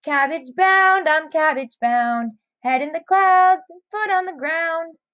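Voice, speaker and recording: A woman's voice: very high-pitched, slow, dry recording, muffled recording, pitched above the performer's own voice. A woman voicing a determined, cheerful little male snail in a storybook reading.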